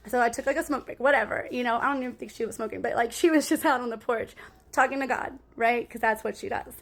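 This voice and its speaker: A woman's voice: a little high, fast, creaky. Rambling woman telling a story to viewers. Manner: rambling, cussing, frequent "right?" asides. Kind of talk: casual storytime monologue.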